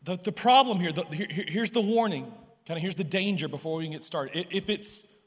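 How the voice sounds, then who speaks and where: A man preaching a sermon as a pastor, earnest and halting, often restarting his sentences. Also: high-pitched, breathy edge, in a large hall. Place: church sanctuary.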